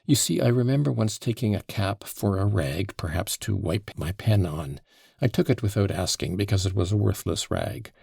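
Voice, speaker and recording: A man reading an audiobook, voicing an agitated young former soldier under questioning who turns defensive and bursts out loudly. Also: lowish voice, lively intonation, moderate pace, vocal fry, husky, no echo, studio quality, heavily acted. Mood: evasive. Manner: defensive, flaring into loud outbursts.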